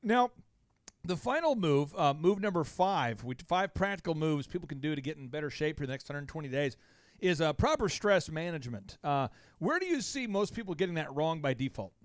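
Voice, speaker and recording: A man hosting a radio show, talking in a casual, excitable way and laughing easily as he interviews a guest. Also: on the high side, fairly quick, dry recording.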